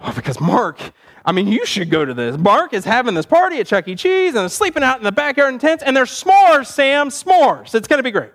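A man voicing an excited young boy in a sermon story, eager and stammering. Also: fairly high pitch, fairly quick, breathy edge, exaggerated voice.

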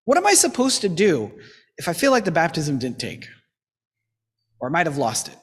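High-voiced pastor preaching in reverberant church. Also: male voice, huge pitch swings, normal speed, husky. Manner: earnest, exhorting, with lightly humorous asides. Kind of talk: sermon. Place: church sanctuary.

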